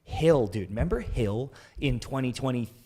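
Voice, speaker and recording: Excitable, swearing hockey podcast guy. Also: mid-range voice, moderate pace, breathy edge. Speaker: podcast co-host. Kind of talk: casual hockey chat.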